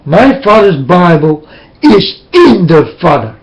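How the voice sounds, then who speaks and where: A man's voice: sits high, sing-song, slow, low-quality recording. A man preaching intense, repetitive warnings into a webcam. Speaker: self-styled preacher. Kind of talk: webcam sermon.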